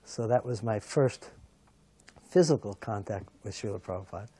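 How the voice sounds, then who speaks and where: A soft-spoken man calmly recalling a first meeting as a devotee, with a thoughtful, gentle delivery. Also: on the low side, moderate pace, husky. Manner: soft-spoken, thoughtful, chuckles now and then. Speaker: devotee sharing memories. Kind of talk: reflective recollection.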